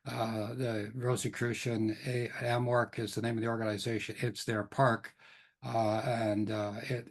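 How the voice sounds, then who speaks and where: A man's voice: mid-range voice, level tone, measured pace. A man hosting an interview, talking in a hesitant way with many restarts and fillers. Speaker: interview host. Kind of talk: conversational interview.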